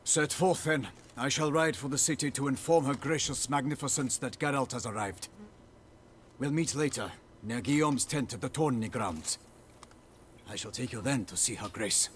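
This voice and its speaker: A man's voice: medium pitch, moderate pace, natural voice. A man voicing a stately knight-herald. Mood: formal. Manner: formal, stately. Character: formal male knight-herald of a duchess. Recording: game audio with faint noise.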